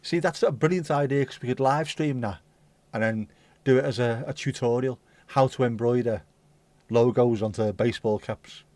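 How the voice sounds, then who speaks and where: Mid-range in pitch and a little mellow, this man talks at a moderate pace with no room sound. Hosting a livestream, he casually reads out viewer comments, banters with them, and swears along the way.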